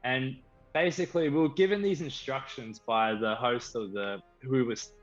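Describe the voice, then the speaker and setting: An Australian man, a band member guest, telling a story with lively enthusiasm. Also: mid-range voice, normal speed. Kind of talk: casual storytelling. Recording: slightly dull stream audio with faint music.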